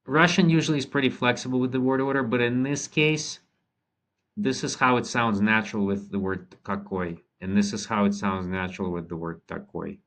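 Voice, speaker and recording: A man teaching a language lesson, thinking aloud with frequent ums and restarts and reading model sentences slowly. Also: lowish voice, a bit bright. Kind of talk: relaxed spoken lesson.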